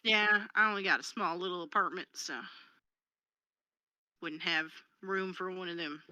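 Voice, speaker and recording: A woman playing in a tabletop game, lively and wry. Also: on the low side, normal speed, no room sound, studio quality. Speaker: player. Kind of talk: tabletop role-play chat.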